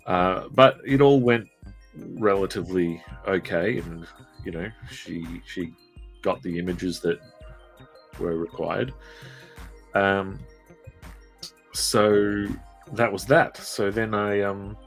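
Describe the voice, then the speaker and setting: A man with a very low voice tells stories slowly on a live drawing stream. He rambles with plenty of ums and pokes fun at himself, and faint music plays in the background. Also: steady tone. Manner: self-deprecating, rambling, lots of fillers. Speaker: streamer and artist. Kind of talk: casual storytelling on a live stream.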